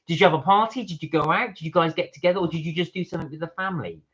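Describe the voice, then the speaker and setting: A man's voice: fairly high pitch, racing, a bit bright. A man co-hosting a casual live-stream chat, reading viewer comments aloud with frequent uhs. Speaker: vlog co-host. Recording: dull lo-fi stream audio.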